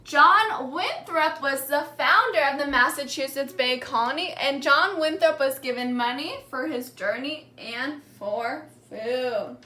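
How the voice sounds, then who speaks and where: A woman teacher giving a classroom lesson, speaking slowly and clearly and repeating key words for the class to echo back. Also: high-pitched, bright, forceful tone. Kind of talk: classroom lesson with call-and-response reading.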